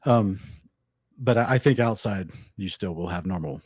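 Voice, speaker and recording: A man who is a podcast guest, explaining Bible passages in a measured, teacherly way. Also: lowish voice, darkish tone, breathy edge, no room sound, studio quality. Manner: measured, explanatory, quotes verses. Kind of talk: casual chat, explaining scripture.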